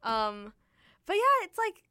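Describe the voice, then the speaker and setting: A young woman chatting on a radio show, animated and laughing, acting out voices as she retells a story. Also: very high voice, slow, dry recording, clean studio sound. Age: young adult. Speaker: co-host. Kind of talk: casual chat.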